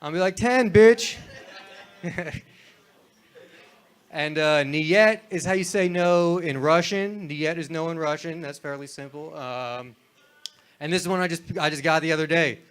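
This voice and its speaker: A man's voice: fairly high pitch, measured pace, a bit bright, clear, resonant tone. Laid-back young man doing stand-up. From Florida. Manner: laid-back, rambling, crude. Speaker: stand-up comedian. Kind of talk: stand-up set. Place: comedy club stage.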